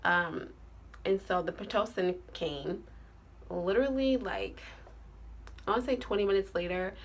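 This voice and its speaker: A woman's voice: mid-range voice, measured pace, a little hiss or hum. A woman vlogger telling a story to her viewers in a chatty, casual way, full of fillers and "like".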